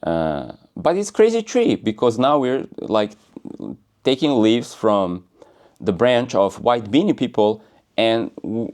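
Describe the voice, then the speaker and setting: A man's voice: medium pitch, darkish tone. A man giving a casual, rambling spiritual talk in a playful, joking way and laughing often. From United States. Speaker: spiritual speaker.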